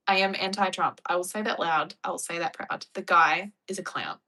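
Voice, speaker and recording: A woman's voice: lowish voice, steady tone, a little fast, few pauses, bright, forceful tone, low-quality recording. An Australian woman with an Australian accent, chatting casually with her viewers and wandering off on tangents. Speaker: streamer answering viewer questions. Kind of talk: casual chat.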